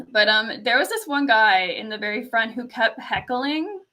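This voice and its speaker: Bright-voiced soft-spoken young woman. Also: a little high, lively intonation, normal speed, a little hiss or hum, poor audio. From Canada. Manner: soft-spoken storyteller, lots of "like" and laughs. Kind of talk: casual chat.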